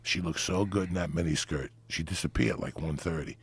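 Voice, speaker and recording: A middle-aged man telling a raunchy, profane comic story in animated fashion. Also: low-pitched, a little fast, husky. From New Jersey, USA. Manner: profane, animated, acts out voices. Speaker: podcast guest storyteller.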